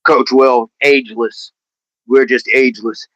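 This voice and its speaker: A man's voice: mid-range voice, steady tone, measured pace, fairly bright tone. A chatty man hosts a daily fitness livestream, reading viewer comments aloud as he stretches. His voice sits in an ordinary middle range. The sound is dull and lo-fi, with no room echo. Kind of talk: casual livestream chat while stretching.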